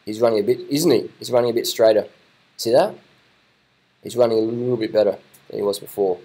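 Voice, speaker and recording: A man giving casual live reaction commentary, excitable and repetitive, swearing now and then. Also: lowish voice, quick pace, poor audio. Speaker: video commentator.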